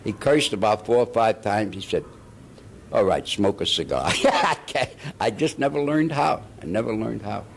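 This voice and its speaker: A man's voice: mid-range voice, moderate pace, gravelly, hardly any pauses, a little hiss or hum. An older man, an actor telling stories in a casual interview and acting out the quotes with laughs. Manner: animated anecdotes with laughs and acted-out quotes.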